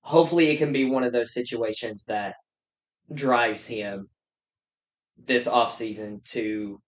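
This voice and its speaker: A man's voice: medium pitch, a little slow. Easygoing man in casual sports chat. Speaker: podcast co-host.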